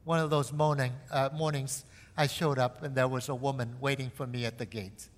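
A man's voice: mid-range voice, fairly even intonation, normal speed, in a large hall. A man from Cambodia, a missionary preacher giving an earnest sermon testimony that rises into impassioned pleading.

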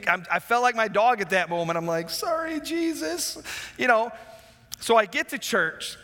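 A man preaching a sermon as a pastor, telling a personal story with lots of restarts and asides. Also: high voice. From Wisconsin, USA. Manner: animated, rambling with many restarts. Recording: long hall reverb.

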